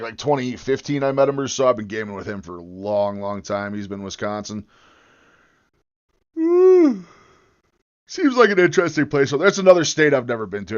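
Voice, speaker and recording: A man's voice: on the low side, highs cut off. An American man livestreaming while he edits a video, chatting in a rambling, joking and profane way. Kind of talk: live-stream chat while video editing.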